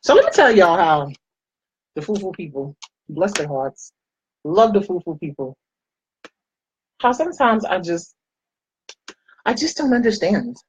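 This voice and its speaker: A young adult woman from the United States chatting casually while doing her makeup, telling stories with lively quoted voices. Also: lowish voice, unhurried, long pauses, slight background noise, low-quality recording. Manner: chatty storytelling, animated quoted voices, frequent laughs. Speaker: makeup vlogger.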